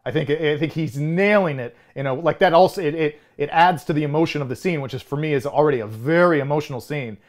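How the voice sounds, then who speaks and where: A man's voice: on the high side, fast talker, hardly any pauses. A man in his thirties co-hosting a film podcast in casual chat, rambling with frequent restarts and chuckles. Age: 30s. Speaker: podcast co-host.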